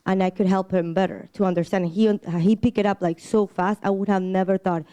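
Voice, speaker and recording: A woman in a church group, telling her story in an earnest, halting way with many restarts. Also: medium pitch, fairly even intonation, warm tone, smooth. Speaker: church member sharing a story. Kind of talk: casual testimony.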